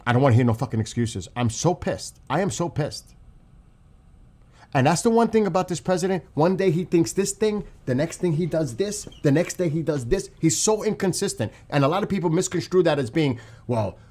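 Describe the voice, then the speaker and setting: Furious man ranting with swinging pitch. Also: expressive, brisk, a little mellow. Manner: furious, profane, repeats himself for emphasis. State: upset and livid. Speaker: commentary channel host. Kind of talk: angry political rant to camera.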